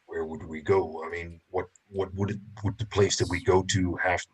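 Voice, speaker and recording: A game master voicing a companion character in a tabletop game, speaking in a quiet, muttered aside. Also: male voice, low-pitched, flat delivery, normal speed, breathy edge. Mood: hushed.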